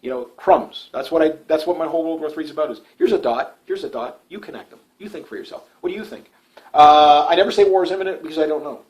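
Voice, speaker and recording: A middle-aged man talks in a fast, rambling monologue, repeating himself and restarting sentences as he goes. His voice sits a little high for a man, and he barely stops for breath. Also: a little mellow, rough recording. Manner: rambling, repetitive, stumbles and restarts. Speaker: political YouTuber. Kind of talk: casual political monologue.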